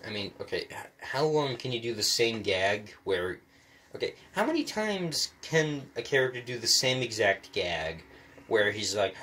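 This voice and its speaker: A man's voice: mid-range voice, moderate pace, a little hiss or hum. A man delivering a rambling, profane rant to the mic, stammering and restarting often. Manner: rants, then calms into musing. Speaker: solo commentator.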